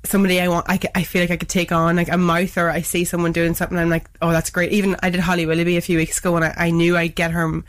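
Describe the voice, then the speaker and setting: A young Irish woman chatting casually on a podcast as a guest, lively and often laughing as she tells stories. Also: lowish voice, rapid-fire, few pauses. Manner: chatty, laughing, acts out quoted voices. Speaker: guest lip-sync creator.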